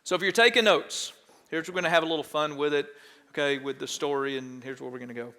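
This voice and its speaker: A man's voice: on the high side, steady tone, fast, sharp tone, in a large hall. A man, a pastor preaching a conversational sermon in church that keeps checking in with the congregation. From Texas. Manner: conversational, asks the congregation questions. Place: church sanctuary.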